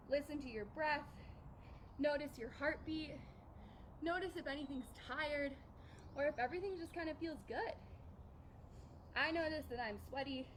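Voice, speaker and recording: Upbeat young woman fitness instructor with a high, bright-pitched voice, a little winded, cheering the class on. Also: a little hiss or hum. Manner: upbeat, encouraging, counts reps aloud. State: out of breath. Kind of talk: live workout coaching.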